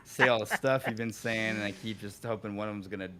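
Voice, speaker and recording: A man's voice: lowish voice, steady tone, quick pace, fairly bright tone, slight background noise. A man hosting a game stream, chatting casually in a joking, self-deprecating way with swearing. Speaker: streamer host.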